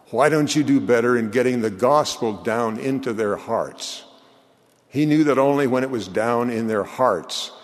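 Older male church speaker, lowish voice, measured and earnest, recorded in a reverberant hall. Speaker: church leader giving a eulogy. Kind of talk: sermon.

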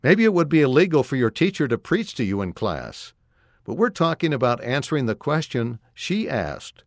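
A man reading aloud and voicing a calm, kindly father who speaks slowly and reassuringly. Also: medium pitch, no room sound, studio quality. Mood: gentle.

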